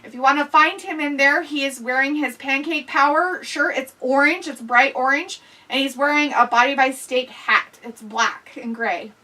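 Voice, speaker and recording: High bright-voiced woman host, chatty. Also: normal speed, recorded from a distance, low-quality recording. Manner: chatty, laughs often, reads comments aloud. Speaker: livestream host reading chat. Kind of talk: casual watch-along chat.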